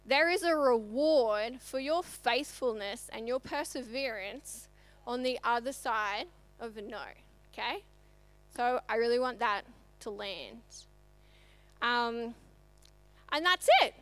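A woman's voice: a little high, takes it slowly, pauses often, fairly bright tone. A woman, telling a story in a conversational church sermon. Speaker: church speaker. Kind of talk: sermon testimony.

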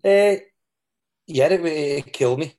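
This guest is an ex-player from England who looks back on his career in a candid interview, wandering through stories full of restarts and quoted remarks. He speaks slowly, in a fairly high voice with a dark tone.

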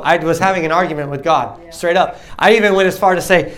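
Animated young man preaching a testimony. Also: fairly high pitch, fairly quick, few pauses. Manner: animated storytelling, acts out dialogue, laughs often. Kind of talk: testimony sermon.

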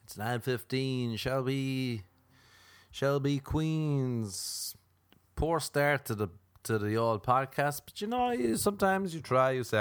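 Lively rambling podcast man. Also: mid-range voice, slow, clear, resonant tone, dry recording. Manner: jokey, rambling, breaks into made-up jingles. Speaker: podcast host. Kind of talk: rambling comic monologue.

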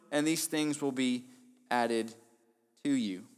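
An earnest young male pastor preaching a sermon with a mid-range voice. He drops to quiet, soft phrases and then rises to emphatic lines. The sound carries a long reverb from a church hall. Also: medium pitch, measured pace, clear, resonant tone. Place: church sanctuary.

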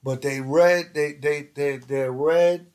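A man telling street stories in an animated way, full of slang and swearing. His voice sits a little high for a man. He slips into other people's voices as he tells it. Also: takes it slowly. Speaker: podcast host telling stories. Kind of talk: casual storytelling chat.

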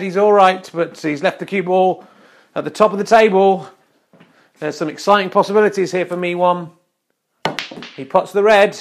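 A man's voice: high-pitched, normal speed, long pauses. A man giving spoof, mock-serious snooker commentary with wry topical asides. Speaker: comic mock sports commentator.

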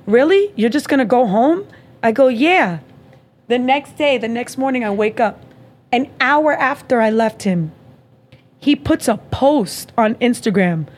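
A woman hosting a podcast, telling a dating story in casual chat, animated and profane, acting out both sides of the conversation. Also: fairly high pitch, a little slow. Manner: animated, profane, acts out dialogue. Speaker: podcast host.

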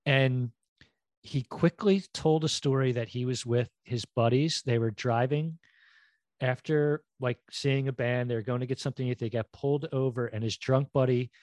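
A middle-aged man co-hosting a podcast in casual chat, telling stories in a rambling, animated way and acting out quotes. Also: medium pitch, normal speed, no echo. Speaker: podcast co-host.

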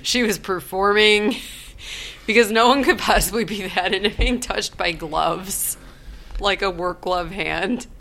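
A woman's voice: medium pitch, fairly even intonation, a little slow, gravelly, a bit bright, a little hiss or hum. A woman co-hosting a podcast, chatting casually and laughing about a horror film. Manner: laughing, uses 'like' a lot.

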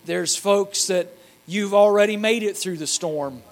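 A man preaching a sermon in a church, moving from quiet, measured talk to loud, rhythmic exhortation and leading the congregation to repeat after him. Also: high-pitched, soft background music. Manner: builds from quiet talk to shouted preaching, leads call-and-response. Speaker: pastor. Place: church sanctuary.

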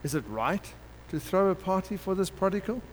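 A man preaching a sermon, telling a parable in an animated way and acting out the characters. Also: high-pitched, moderate pace. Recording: long hall reverb with faint background noise.

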